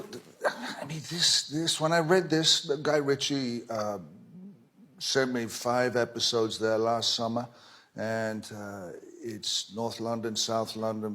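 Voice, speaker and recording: A man from Ireland, an actor, telling an animated story in an interview. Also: on the low side. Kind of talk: casual interview answer.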